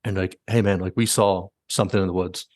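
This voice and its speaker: A man's voice: low-pitched, steady tone, fairly quick, darkish tone, dry recording. A man hosting a podcast, casually retelling stories with many likes and quoted asides. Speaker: podcast host. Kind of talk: casual storytelling.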